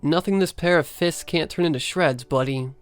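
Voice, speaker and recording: A man voicing a hotheaded, excitable young male friend in a spoken horror story, talking brash and swaggering. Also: fairly high pitch, moderate pace, clean tone, soft background music, lightly acted. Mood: excited, tough.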